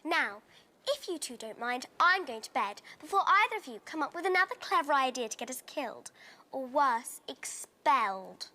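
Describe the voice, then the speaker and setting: Give me a haughty, scolding schoolgirl witch from a film, bright and lively. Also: high voice, moderate pace, faint music behind, full character voice. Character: prim, bossy young schoolgirl witch.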